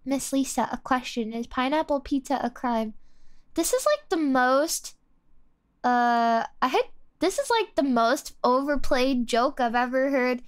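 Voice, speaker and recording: A young woman streamer reacting to music on a live stream, with a high voice and an excitable, casual way of talking. She speaks slowly and exclaims often. The sound is dry, with no room echo.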